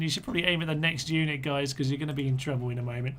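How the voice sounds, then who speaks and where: This man streams a strategy game and comments live, talking casually and muttering commands to his troops. He speaks fast with few pauses, in a slightly high, somewhat bright voice with fairly even intonation.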